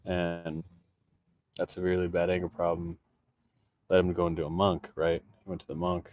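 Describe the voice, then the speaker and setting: A man's voice: sits low, completely flat delivery, moderate pace, darkish tone, muffled recording. A man vlogging casually outdoors, telling a rambling, profane story and often restarting his sentences. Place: outdoors in an urban jungle, sleeping rough.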